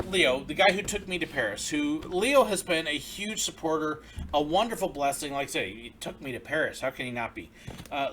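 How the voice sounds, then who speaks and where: A man's voice: on the high side, a little hiss or hum. A man hosting a casual livestream, chatting and reading viewer mail aloud in a grateful, friendly way. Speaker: livestream host.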